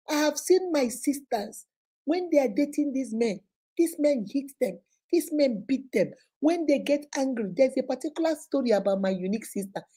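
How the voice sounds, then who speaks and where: A woman's voice: fairly high pitch, warm tone, husky. A middle-aged woman hosting a relationship advice talk, passionate and preachy, repeating lines for emphasis. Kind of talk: live advice talk to viewers.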